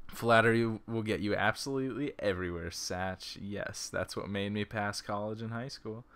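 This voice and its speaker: Bright-voiced man reading a text game. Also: on the low side, moderate pace, clean tone. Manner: breaks off into joking, laughing side comments. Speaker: player reading an interactive story game. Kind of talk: reading a text game aloud with joking asides. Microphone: laptop's built-in mic.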